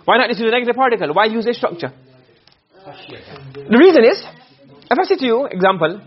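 A man's voice: very high voice, animated, a little fast, long pauses, lo-fi sound. A man teaching a class, lecturing and explaining points by asking his students questions. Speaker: Arabic rhetoric teacher.

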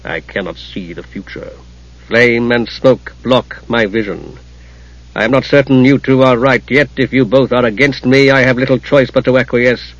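A stern, grim god , as a male reader plays him, speaks gravely and firmly. The voice has a husky grain. The recording is muffled and lo-fi. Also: mid-range voice, moderate pace, lightly acted. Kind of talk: audiobook character reading.

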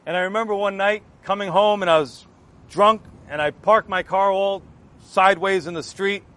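A man with a noticeably high voice shares his personal testimony. He tells it with earnest, animated energy, slipping into the voices of the people in his story as he goes. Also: moderate pace. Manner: earnest, animated retelling that acts out remembered exchanges. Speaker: Christian giving a testimony.

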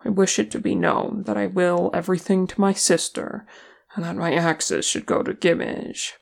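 A reader voicing a gruff, grumbling male dwarf warrior, loud and blustering in his complaints. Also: medium pitch, fairly even intonation, moderate pace. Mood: anxious.

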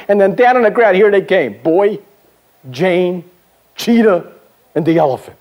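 An older man spinning a story at a seminar, his voice set a little high for a man. He talks to the room with chatty asides and lets his pitch climb as the tension builds. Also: moderate pace, pauses often, darkish tone. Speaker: sales trainer.

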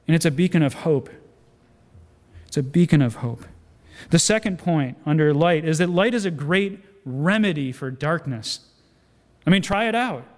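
A man preaching a sermon as a guest speaker, animated storytelling with acted-out quotes and self-deprecating humor. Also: high voice. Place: church sanctuary. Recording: long church hall reverb.

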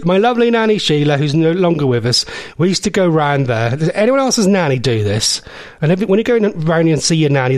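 A man hosts a solo podcast from his home, rambling through jokes and laughing at himself. His voice is fairly high and very lively in pitch. The sound is close and dry. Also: no room sound. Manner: rambling, jokey, laughing often. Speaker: podcast host. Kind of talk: solo comedic chat.

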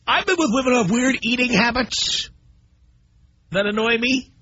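A middle-aged man hosting a call-in radio show, blunt and animated as he tells stories to his listeners. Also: very high-pitched, normal speed, dry recording. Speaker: radio talk show host. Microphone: studio microphone. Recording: dull broadcast audio.

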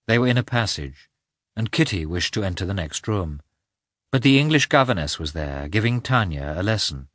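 A man narrating a classic novel as an audiobook in a measured, expressive reading. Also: sits low, dry recording, studio quality.

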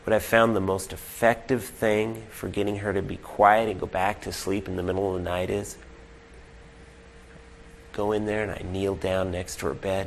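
A male pastor preaching a sermon earnestly, asking the listeners direct questions and swinging from loud emphatic points to hushed, near-whispered lines. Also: low-pitched, flat delivery, normal speed, vocal fry, a little hiss or hum.

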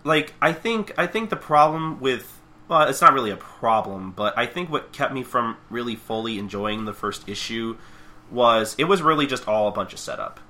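Bright, animated male podcast co-host. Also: medium pitch, normal speed. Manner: animated, stumbling recap. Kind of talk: casual chat.

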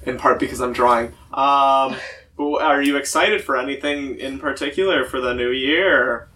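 A man co-hosting a casual podcast, asking questions and steering topics in an unhurried way. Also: mid-range voice, bright, forceful tone. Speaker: podcast co-host. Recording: voice distant from the mic.

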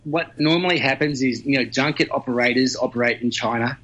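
Brief: male news commentator, mid-pitched, talkative, heard over a dull lo-fi remote line. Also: a little fast, fairly bright tone. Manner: talkative, explains at length with fillers.

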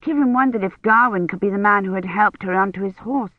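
An audiobook narrator reading a story in a measured, even storytelling manner. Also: medium pitch, no room sound. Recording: dull, lo-fi dry recording.

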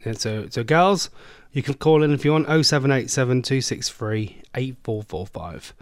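A man's voice: mid-range voice, moderate pace, no echo, studio quality. An English man hosting a casual online radio phone-in, rambling and chatting, often breaking off mid-sentence. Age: adult, a former smoker. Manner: chatty, rambling, self-interrupting. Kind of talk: casual solo radio chat.

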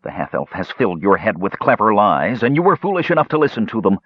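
A man voicing a furious, jealous young male mage in an audiobook, sharp and snarling. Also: lowish voice, very animated, fast, slightly rough, dull audio. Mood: angry. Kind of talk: audiobook character voice.

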